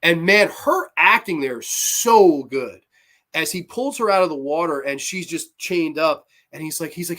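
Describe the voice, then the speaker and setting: A man's voice: fairly high pitch, animated, moderate pace, bright, forceful tone. A man hosting a show, retelling a horror film in a rambling, profane and enthusiastic casual chat. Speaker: podcast host. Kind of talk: casual movie review chat.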